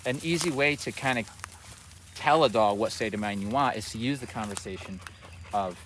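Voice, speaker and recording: A man working as a dog trainer, explaining his methods in a relaxed way outdoors and often checking in with "right?". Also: fairly low pitch, normal speed. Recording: distant mic outdoors, faint background noise.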